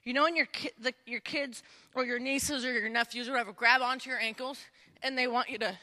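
Animated high-voiced woman preacher. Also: brisk. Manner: dramatic, acts out scenes, addresses audience directly. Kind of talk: animated storytelling sermon. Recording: echoey hall.

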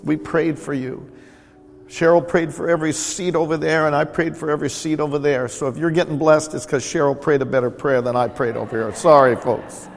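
A man's voice: a little high, steady tone, a little fast, creaky, long reverb tail, soft background music. A male pastor preaching a sermon in a church, with a conversational style that keeps repeating words for emphasis. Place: church sanctuary.

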